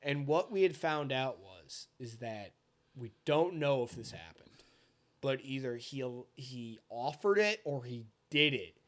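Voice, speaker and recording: Animated young man telling a story. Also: mid-range voice, a little slow. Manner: animated, swearing, bursts into loud impressions. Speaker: podcast co-host. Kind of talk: casual storytelling chat.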